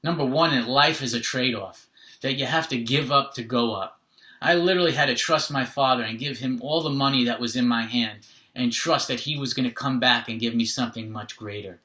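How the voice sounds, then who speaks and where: A man's voice: medium pitch, a little fast, pushed and bright, roomy sound. A man telling a personal story in an earnest, conversational way, often adding "literally" and "right?".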